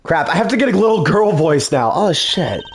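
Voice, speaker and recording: A man's voice: sits high, lively intonation, normal speed, a little hiss or hum. A man doing casual, self-mocking commentary while dubbing a game, swearing now and then.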